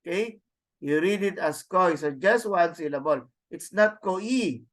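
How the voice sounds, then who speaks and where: A man's voice: a little high, moderate pace. A man teaching a Greek class online over a video call, explaining step by step with many restarts and fillers.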